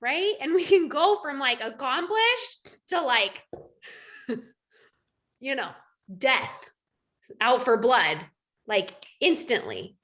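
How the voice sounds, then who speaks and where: A woman in her thirties leading a coaching call, animated and acting out her own thoughts as she talks. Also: sits high, takes it slowly, pauses often. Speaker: life coach. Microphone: video call.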